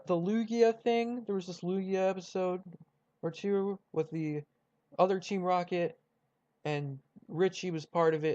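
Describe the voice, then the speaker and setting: A man's voice: high voice, a little mellow, dull audio. A young man casually chatting through a ranked list, rambling with many fillers and restarts. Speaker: YouTuber ranking cartoon rivals. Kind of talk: casual commentary.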